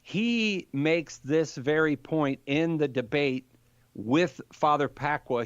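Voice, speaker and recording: An older man talks through a point of faith like a story, lively and full of acted-out quotes. His voice sits a bit high. The recording is dry and slightly dull. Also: takes it slowly, smooth, no room sound. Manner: animated storyteller, acts out quoted debaters. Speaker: Catholic apologist guest. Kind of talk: conversational podcast explanation.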